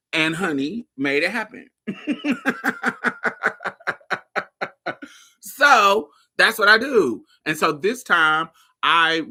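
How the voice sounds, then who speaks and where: A woman from Indiana hosting a podcast, telling personal stories in a casual, profane, animated way and laughing often. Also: low-pitched. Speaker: podcast host. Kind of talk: casual storytelling monologue.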